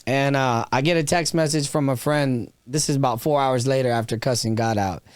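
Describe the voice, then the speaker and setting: A man's voice: medium pitch, brisk, smooth, no room sound. A man in his thirties, a podcast guest telling a raw, emotional story, swearing freely and restarting his sentences. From Texas. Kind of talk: candid storytelling interview.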